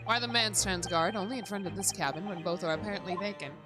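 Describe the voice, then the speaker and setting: A woman's voice: mid-range voice, fast, music in the background, close to an everyday voice. A woman reading the lines of a haughty, showy male detective from a game, in her own voice. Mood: smug. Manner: reading game dialogue aloud, theatrical.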